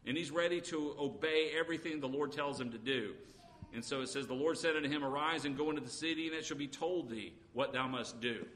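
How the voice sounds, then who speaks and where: A man's voice: fairly high pitch, a bit bright. A man preaching an earnest sermon, reading scripture aloud between his own explanations, with frequent "uh" fillers. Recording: long reverb, faint background noise.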